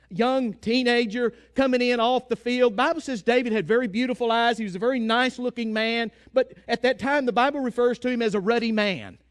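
A man preaching a sermon, retelling a story and acting out the quotes, dropping to a hush and rising to shouts. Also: extremely high pitch.

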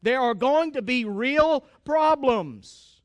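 A man's voice: very high voice, animated, takes it slowly, no echo, studio quality. A man preaching a sermon with fervent emphasis, calling out to his congregation for amens.

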